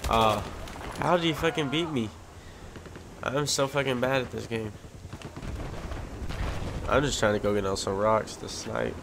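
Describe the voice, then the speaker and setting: A man commentating his own online shooter match, swearing constantly and quick to rage. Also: mid-range voice, creaky. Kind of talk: casual gameplay commentary. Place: at home in front of a big TV. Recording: loud game gunfire and vehicle noise behind.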